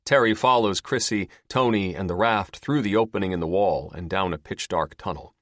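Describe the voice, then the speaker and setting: A man narrating an audiobook in an expressive storytelling manner. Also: low-pitched, normal speed, dry recording, studio quality. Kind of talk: scripted narration.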